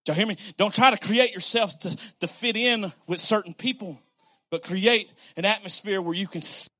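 A man preaching a sermon in a conversational, animated way, repeating phrases and acting out quoted conversations. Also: high-pitched, moderate pace. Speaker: pastor.

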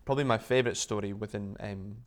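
A man with a low, grounded voice tells his story as an interview guest. He talks in a chatty, animated way, full of ums and quick restarts. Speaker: interview guest, business founder. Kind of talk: casual storytelling.

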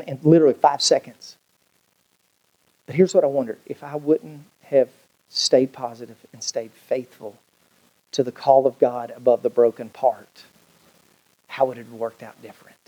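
A man, a pastor preaching a sermon in a folksy, storytelling way with big swings in pitch. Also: darkish tone, lo-fi sound. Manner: folksy storytelling preacher, swooping pitch, colloquial Southern grammar.

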